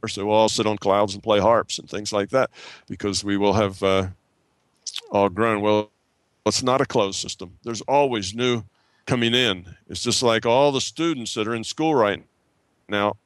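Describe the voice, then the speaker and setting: A man's voice: lowish voice, moderate pace, no echo. A man explaining ideas in an unscripted talk, thinking aloud, restarting phrases and asking the listener rhetorical questions.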